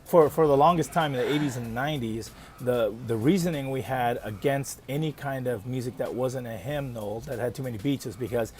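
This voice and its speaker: A man hosts a podcast conversation, emphatic and animated as he makes his points, often chiming in with quick agreement. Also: mid-range voice, noisy background. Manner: animated, emphatic, frequent affirmations. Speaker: podcast host.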